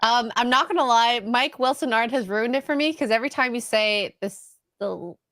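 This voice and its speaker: Higher-voiced woman chiming in on a stream. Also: moderate pace, fairly bright tone, dry recording, clean studio sound. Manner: chimes in with short agreements. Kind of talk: casual live-stream chat.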